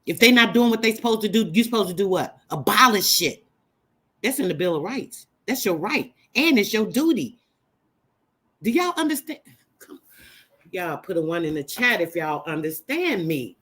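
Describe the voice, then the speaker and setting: A woman's voice: mid-range voice, very animated, normal speed, fairly bright tone. Emphatic woman preaching to her live chat. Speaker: livestream host. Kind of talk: live-stream teaching chat.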